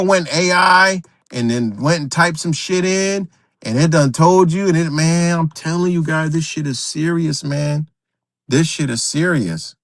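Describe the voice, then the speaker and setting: A man's voice: on the high side, fairly bright tone, no room sound, studio quality. A man hosting a livestream, ranting unscripted, profane and emphatic, repeating himself and talking straight to his viewers. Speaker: livestream host.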